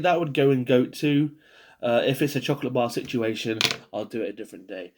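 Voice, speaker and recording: A tired man chats alone to his camera in a loose, rambling way, swearing freely and poking fun at himself. His voice sits at an ordinary middle pitch. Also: expressive, a little fast, darkish tone. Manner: rambling, swearing, self-deprecating. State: yawning, tired. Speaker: podcast host ranking biscuits. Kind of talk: casual solo video monologue.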